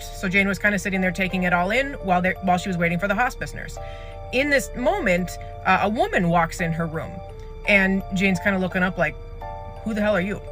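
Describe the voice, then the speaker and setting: A mid-pitched speaker tells an eerie hospital story in a loose, rambling way, full of fillers and acted-out quotes. A clear music bed plays underneath the voice. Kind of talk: casual spoken storytelling.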